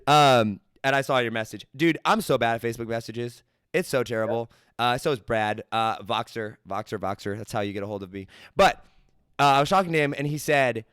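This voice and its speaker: An animated young man hosting a podcast, talking in quick bursts and acting out the people in his stories. His voice is smooth and resonant, recorded close and dry with no room sound. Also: medium pitch, dry recording. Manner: energetic, animated storytelling with quoted dialogue. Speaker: podcast host. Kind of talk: casual interview chat.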